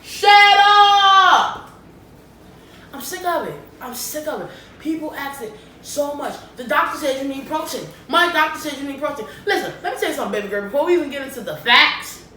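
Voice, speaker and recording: A woman's voice: high-pitched, fast talker. Woman vlogger in an echoey room. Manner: lively, keeps checking in with the viewers. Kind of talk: casual talk to camera. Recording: echoey room, distant mic, faint noise.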